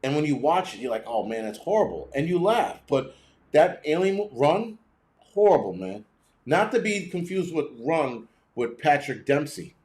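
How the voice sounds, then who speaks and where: Profane, rambling man ranting on a livestream. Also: normal speed. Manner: blunt, profane and rambling, with frequent restarts; animated, jumping between high and low pitch when ranting. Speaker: host of a prepping channel. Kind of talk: casual livestream chat, reacting to viewer comments.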